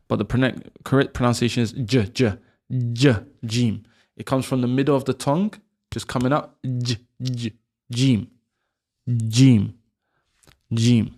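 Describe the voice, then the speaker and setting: A man giving a video lesson on letter sounds, patiently repeating each sound slowly for learners to copy. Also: mid-range voice, gravelly. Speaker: language teacher. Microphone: camera, close framing.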